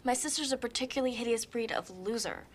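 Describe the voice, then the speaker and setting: A woman's voice: fairly high pitch, quick pace, slight background noise, close to an everyday voice. An actress playing a spoiled, scheming teenage girl in a film, whiny and wheedling. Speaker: film character.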